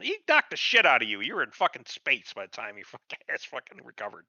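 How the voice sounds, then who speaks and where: A man's voice: mid-range voice, huge pitch swings, quick pace, creaky, hardly any pauses, bright, forceful tone, no echo. A man co-hosting a casual podcast, ranting heatedly and sarcastically, swearing freely and acting out characters as he goes. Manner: heated, sarcastic, acts out characters mid-rant. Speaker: podcast co-host. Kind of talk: casual profane chat reviewing a show. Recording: dull lo-fi sound, dry.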